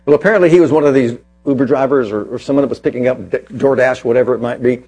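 A man preaching a sermon as pastor, telling a personal story and then slowing down to press his points with emphasis. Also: medium pitch, warm tone, breathy edge.

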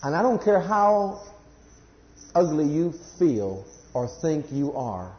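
A man's voice: very animated, slow, highs cut off. Man preaching in an echoey hall. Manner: swings from loud high emphasis to hushed low quoting, stumbles on words. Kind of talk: sermon. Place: church congregation.

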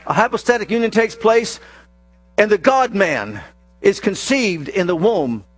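A man preaching a sermon, acting out scripture scenes with slow emphasis and sudden rapid bursts. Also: high-pitched, expressive, breathy edge, no echo, faint music behind. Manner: dramatic, acts out quoted scripture voices, shifts between slow emphasis and rapid bursts.

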